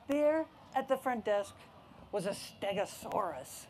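A woman reading a picture book aloud to children, telling the story in an expressive, animated way. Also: mid-range voice, slow pace, slight background noise.

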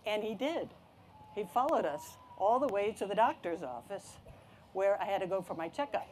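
A woman reading a picture book aloud to children, telling the story in an expressive, animated way. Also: mid-range voice, normal speed, slight background noise.

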